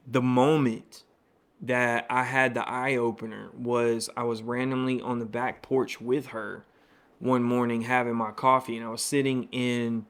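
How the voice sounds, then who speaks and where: A man's voice: medium pitch, a bit bright. A man hosting his own podcast, telling a personal story in a candid, conversational way full of fillers and asides. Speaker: podcast host.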